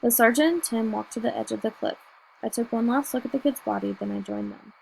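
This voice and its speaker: A woman reading a novel aloud in first person, telling the story in a steady, measured way. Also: a little high, creaky, a little hiss or hum, rough recording. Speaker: audiobook reader.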